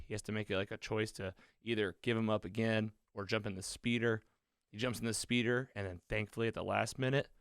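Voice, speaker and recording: A man's voice: lowish voice, clear, resonant tone, no room sound, studio quality. A man co-hosting a podcast, casually retelling a TV episode in a loose, rambling way with fillers. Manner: loose, rambling, with many fillers and quoted lines. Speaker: podcast co-host. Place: podcast studio.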